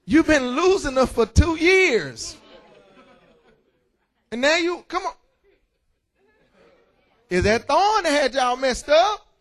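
Pausing often and speaking slowly, a man with an extremely high voice delivers a sermon in church as pastor. He keeps it lively with jokes and call-outs to the congregation.

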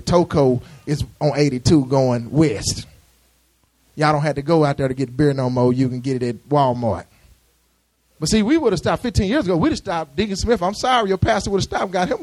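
Male pastor, high voice, chatty call-and-response sermon with many restarts. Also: moderate pace.

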